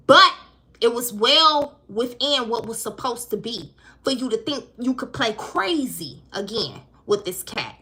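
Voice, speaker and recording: A woman's voice: fairly high pitch, expressive, unhurried, sharp tone. A woman giving a live-streamed spiritual reading, talking in an emphatic, profane, conversational way. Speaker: intuitive card reader.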